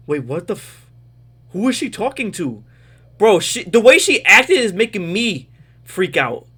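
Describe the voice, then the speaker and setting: A man hosting a reaction video, talking loose and slangy with excitable outbursts. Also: high-pitched, measured pace, slightly rough. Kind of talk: casual reaction commentary.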